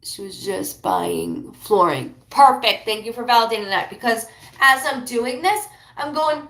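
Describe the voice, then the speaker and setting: A woman giving a live psychic reading, rambling and emotional, talking in quick bursts. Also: a little high, animated, a bit bright, reverberant. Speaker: psychic reader.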